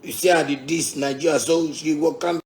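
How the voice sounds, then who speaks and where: With a slightly high, darkish voice, fairly even intonation and a normal pace, a Ghanaian musician speaking with a Ghanaian Pidgin English accent launches a combative rant at his fans. He repeats himself, swears, and laughs in asides.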